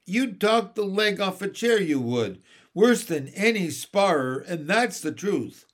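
A man voicing a shrill, cheeky male starling who chatters and wheedles for food. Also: very animated, slow, heavily acted. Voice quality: shrill, cockney-tinged.

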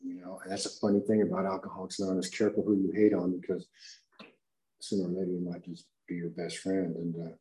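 A man telling his own recovery story at a meeting, slangy and animated, acting out the voices he quotes. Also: low-pitched, fast, echoey room, rough recording.

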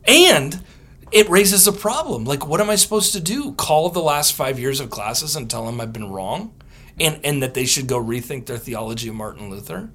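A theologian and author answers podcast interview questions in a husky, medium-pitched voice at a moderate pace. His storytelling is lively and animated, full of laughter, and he often acts out what other people said.

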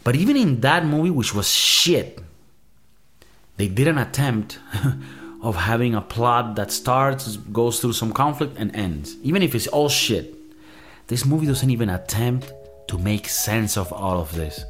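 A man's voice: mid-range voice, expressive, a little slow, a bit bright, soft background music. A man hosting a movie review show, ranting in a casual, profane, exasperated way.

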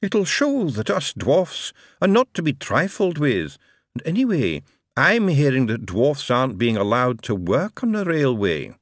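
A man doing a bitter dwarf plotter in an audiobook, slow and scornful with a conspiratorial edge. His pitch leaps about, and the sound is dry and close. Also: wildly swooping pitch, dry recording, exaggerated voice. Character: bitter male dwarf plotter, hateful, in shadows.

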